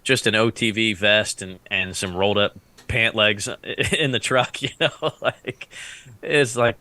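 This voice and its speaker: A man's voice: lowish voice, fairly even intonation, unhurried, bright, forceful tone, no echo. A man who served in the Iraq War, telling stories in a casual podcast chat. He rambles, laughs often and acts out what others said. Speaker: Iraq War veteran guest.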